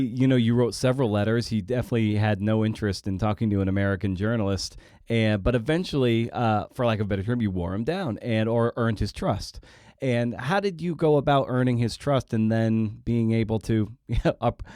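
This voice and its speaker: A man hosting a podcast interview, asking long questions in a halting, hesitant way. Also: fairly low pitch, darkish tone, no room sound, clean studio sound. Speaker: podcast host. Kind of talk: conversational interview.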